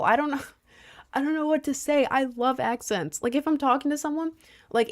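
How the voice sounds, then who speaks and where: A young woman talks to her stream chat in a loose, rambling way, circling back on her words and stacking fillers. Her speech is slangy and emphatic, and she now and then stumbles over a word before pressing on. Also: a little high. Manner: rambling, heavy on fillers and repeats; fumbles and stutters over words. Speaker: livestreamer reading chat.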